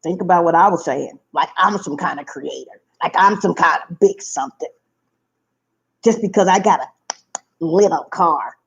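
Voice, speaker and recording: Lady in her 50s telling a story, gravelly voice, dull lo-fi sound. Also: lowish voice, normal speed. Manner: lively, emphatic, repeats phrases. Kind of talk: casual storytelling to viewers. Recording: dull lo-fi recording.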